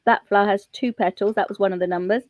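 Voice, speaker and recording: A woman's voice: medium pitch, fairly even intonation, fast talker, a little mellow, dry recording, low-quality recording. Chatty woman hosting a maths lesson. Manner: chatty, thinking aloud with restarts. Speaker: host of online maths lesson. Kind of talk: live online chat.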